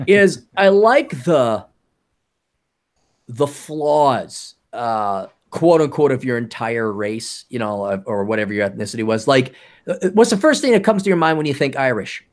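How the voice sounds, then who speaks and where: Profane, animated man bantering on a podcast. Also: mid-range voice, a little slow. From American. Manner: loose, profane banter with put-on voices. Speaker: podcast host. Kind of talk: casual chat.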